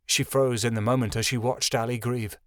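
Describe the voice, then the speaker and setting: A man narrates a fantasy novel in a steady, measured storytelling voice. His pitch is middle of the range. The recording is dry and close to the mic. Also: no room sound. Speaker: audiobook narrator. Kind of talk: scripted narration.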